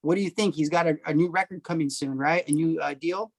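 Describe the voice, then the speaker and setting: A man's voice: fairly high pitch, fast talker, vocal fry, dry recording. A man hosting a podcast, asking loose questions with many fillers in casual chat. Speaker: podcast host.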